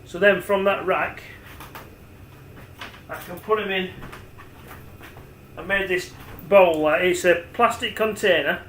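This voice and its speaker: Brief: man, forties, slightly high voice, rambling home cooking demo, echoey kitchen with a faint hum. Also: fairly even intonation, slow pace, long pauses, fairly bright tone. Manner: rambling, chatty, talks to the camera as he works. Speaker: home cook. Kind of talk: casual cooking demonstration.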